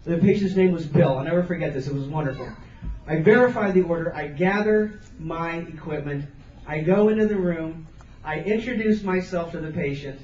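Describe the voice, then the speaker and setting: High-voiced man giving a motivational speech. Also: normal speed, a little mellow, slight background noise. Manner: earnest, emphatic, repeats phrases for stress. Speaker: motivational speaker. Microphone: camcorder from the audience. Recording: roomy, distant, dull camcorder sound.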